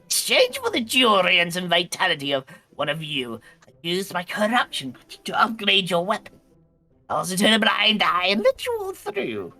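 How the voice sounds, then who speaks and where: A scheming ratman king speaks in a deliberately bad Irish accent, as a player puts him on. The voice is bright and swoops up and down theatrically. Faint game music sits underneath. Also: mid-range voice, wildly swooping pitch, heavily acted. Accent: put-on Irish.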